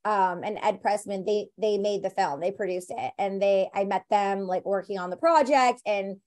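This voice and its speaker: An actress, interviewed as a guest about her film career, talks in a chatty, enthusiastic way full of "like" and "you know." Her voice is medium-pitched and a little mellow, at a normal speed.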